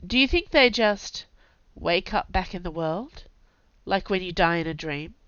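A woman's voice: on the low side, expressive, unhurried, fairly bright tone, clean tone, dry recording, lo-fi sound. A woman voicing an earnest, wary young male fighter who asks urgent, probing questions.

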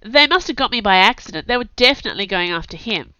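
A woman's voice: mid-range voice, lively intonation, fast talker, sharp tone, clear, resonant tone, no room sound. Brief: a woman playing an earnest, defensive young man, lost and prickly, muffled dry sound. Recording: dull dry recording.

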